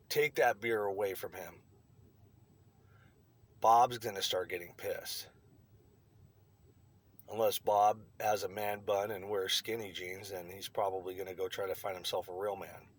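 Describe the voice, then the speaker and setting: A man delivering a blunt, profane opinion rant to his online viewers. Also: fairly low pitch. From United States. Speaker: vlogger.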